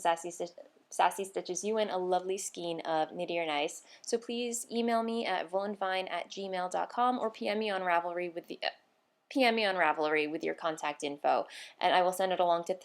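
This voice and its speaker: A tired woman hosts her knitting vlog in a loose, chatty way. She trails off, fills pauses with "um" and laughs at her own slips, always sounding a bit scatterbrained. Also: mid-range voice. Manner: scatterbrained, rambling with fillers and laughs. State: tired, short on sleep. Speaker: knitting podcast host. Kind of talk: casual vlog chat.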